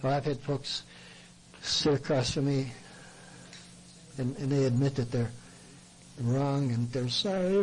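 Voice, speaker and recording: A man's voice: mid-range voice, a little slow, pauses often, a little hiss or hum, low-quality recording. A man speaking as a Christian counselor, giving a plain-spoken, earnest sermon talk in a folksy way. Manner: earnest, folksy, acts out what people say to him.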